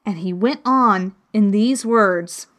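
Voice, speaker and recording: A woman reading a children's classic aloud as the narrator, slow and clear. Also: medium pitch, a bit bright. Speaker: audiobook reader. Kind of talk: storybook narration.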